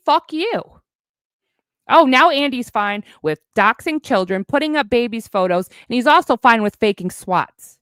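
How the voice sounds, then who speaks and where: A woman's voice: a little high, expressive, measured pace, pauses often, fairly bright tone, no echo, studio quality. A woman in a heated, profane livestream rant, sarcastic as she calls out her online critics. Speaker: streamer addressing online critics.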